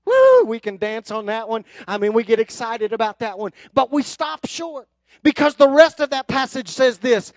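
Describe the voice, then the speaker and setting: A man preaching a sermon from the pulpit, emphatic and building into forceful runs. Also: very high voice, very animated, moderate pace, dry recording. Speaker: pastor.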